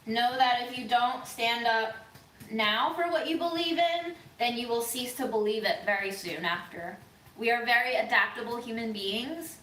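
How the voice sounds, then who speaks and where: A woman vlogger giving an earnest, thoughtful monologue, speaking slowly with frequent pauses and ums. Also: a little high, fairly bright tone, reverberant, a little hiss or hum, poor audio. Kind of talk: reflective monologue.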